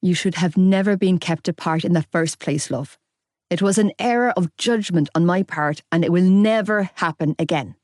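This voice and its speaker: A woman voicing a calm, caring middle-aged woman who speaks gently and with measured concern, in an audiobook. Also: fairly low pitch, dry recording, studio quality, natural voice. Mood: gentle concern.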